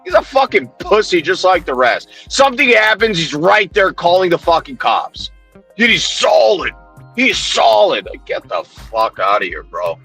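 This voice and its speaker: A man's voice: a little high, sing-song, moderate pace, few pauses, sharp tone, husky, faint music behind. A man ranting heatedly on a livestream, swearing constantly, mocking and confronting people while he answers his chat.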